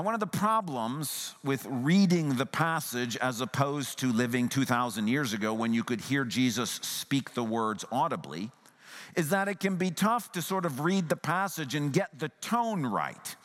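In a large hall, a medium-pitched man gives a sermon as a pastor. He speaks earnestly and conversationally, at moments lowering his voice to a soft, hushed tone.

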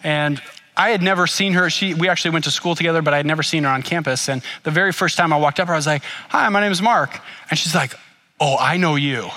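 A middle-aged man preaching a sermon, telling a personal story in an animated way and acting out the voices of the people in it. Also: on the high side, fast. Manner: animated storytelling, acts out whispered asides. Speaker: pastor.

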